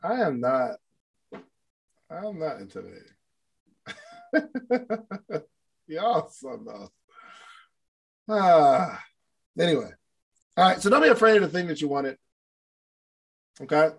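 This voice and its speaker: High-voiced animated motivational speaker. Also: male voice, slow pace, pauses often, husky. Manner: animated, playful, acts out scenes. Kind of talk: casual motivational talk to a live online audience.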